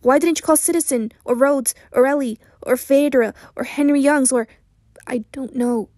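Woman reading a young man, miserable, guarded, quiet, hesitant, apologetic, dry sound. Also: high voice, moderate pace, no room sound, lightly acted.

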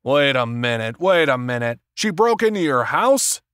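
A man's voice: mid-range voice, expressive, moderate pace, a bit bright, clear, resonant tone, no echo, clean studio sound, lightly acted. A man voicing a nervous middle-aged company president who sounds anxious and incredulous. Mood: alarmed.

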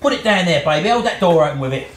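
A man's voice: high-pitched, expressive, racing, echoey room. A British man in a casual home cooking vlog, eating on camera and praising the dish in playful, theatrical terms. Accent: British English. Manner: playful, theatrical food praise, calls wife baby. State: eating while talking. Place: home kitchen. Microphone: camera on tripod.

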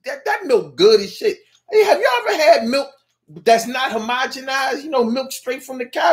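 A man's voice: very high-pitched, lively intonation, moderate pace, a bit bright. A man delivering a playful, slangy, rambling comedic monologue, at times mooing like a cow.

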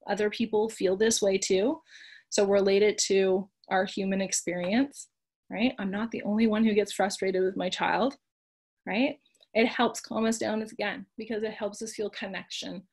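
A middle-aged woman presenting a parenting workshop, talking gently and conversationally and often checking in with "right?". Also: medium pitch. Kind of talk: instructional talk.

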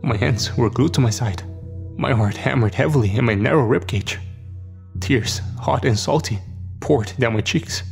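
A man's voice: medium pitch, moderate pace, vocal fry. A man telling a horror story in a tense, dramatic scripted narration. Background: faint music.

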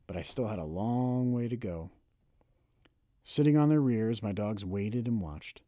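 A man narrating a first-person audiobook with steady, expressive storytelling. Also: on the low side, no room sound, clean studio sound.

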